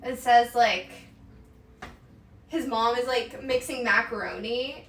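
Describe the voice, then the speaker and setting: Giggly high-voiced woman streaming from her kitchen. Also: slow, fairly bright tone, distant mic. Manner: giggly, rambling, lots of fillers. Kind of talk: casual chat while cooking. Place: home kitchen. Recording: roomy sound from away from the mic, faint background noise.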